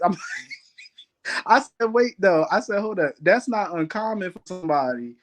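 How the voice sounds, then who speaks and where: A man's voice: sits high, animated, normal speed, a bit bright, soft background music. A man in a casual chat, talking in a blunt, profane and slangy way.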